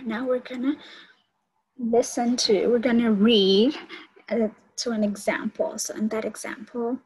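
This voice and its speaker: Breathy woman college instructor. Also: on the high side, darkish tone, low-quality recording. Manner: explanatory, gives instructions to students. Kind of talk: recorded online lecture.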